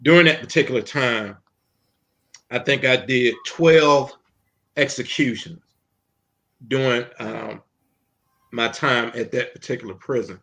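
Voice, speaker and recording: A man's voice: medium pitch, measured pace, gravelly, sharp tone. Earnest man telling his testimony. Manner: earnest storytelling with frequent ums. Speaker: minister and interview guest. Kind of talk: personal testimony in an interview.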